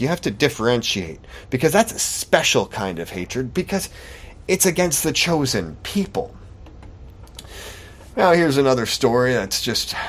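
A man hosting a solo podcast, talking in a sarcastic, mocking commentary style. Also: medium pitch. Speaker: podcast host.

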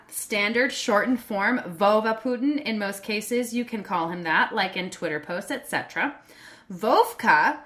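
A woman with an American accent talks in a loose, rambling way, often restarting her sentences. Her voice has a bright, forward ring to it. She reads out viewer messages between her own asides, like a host chatting on her own stream. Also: mid-range voice. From United States. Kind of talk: casual rambling monologue.

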